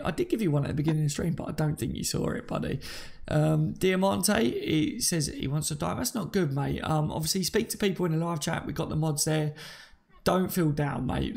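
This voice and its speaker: A man hosts a live fan stream in a loose, matey way, greeting viewers by name and reading their comments aloud. His voice sits a little high with a gravelly edge. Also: darkish tone. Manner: chatty and matey, calls listeners mate and buddy.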